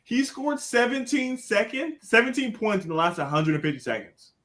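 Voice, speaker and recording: A man with a high, bright voice that jumps all over the place as he rants about basketball. He tells his stories animatedly and swears freely, sounding like a casual podcast panelist. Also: sing-song, moderate pace. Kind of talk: casual sports chat.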